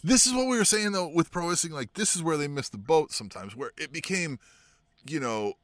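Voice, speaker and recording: A man co-hosting a casual wrestling podcast, often laughing and chiming in with quick agreement. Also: fairly high pitch, lively intonation, a bit bright, no echo, clean studio sound. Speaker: podcast co-host.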